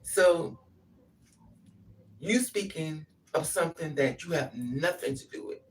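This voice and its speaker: A woman's voice: sits low, slow, recorded from a distance. A grieving mother giving an impassioned, repetitive spoken monologue. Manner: impassioned, repetitive, acts out pleading quotes.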